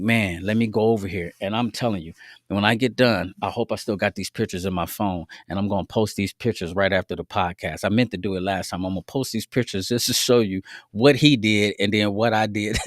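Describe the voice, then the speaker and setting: Laid-back guy hosting a podcast, low voice, slangy faith talk, dry close sound. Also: no room sound. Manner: laid-back and slangy, with frequent asides to listeners. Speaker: podcast host. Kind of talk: casual faith-based storytelling.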